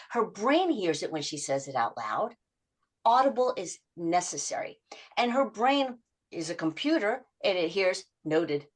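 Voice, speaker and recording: A middle-aged woman habit coach in a podcast interview, telling client stories and acting out their quotes in lively voice shifts. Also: medium pitch, moderate pace, breathy edge.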